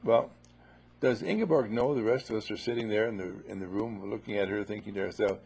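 A man's voice: fairly low pitch, a little fast, gravelly, a little mellow, slightly rough, dull audio. A man giving a spoken teaching talk, telling playful stories and repeating his phrases for effect. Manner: playful, repetitive storytelling.

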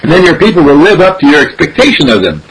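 A man giving an animated spiritual teaching, repeating phrases and acting out dialogues. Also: on the high side, fast, husky, rough recording. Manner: animated, repetitive, acts out dialogue.

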